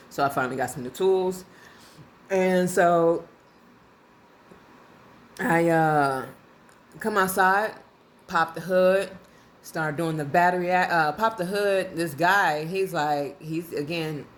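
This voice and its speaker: A woman vlogger telling a casual story in a lively, colloquial way, often breaking into laughter. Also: low voice, slow pace. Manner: animated, laughing, colloquial and conversational.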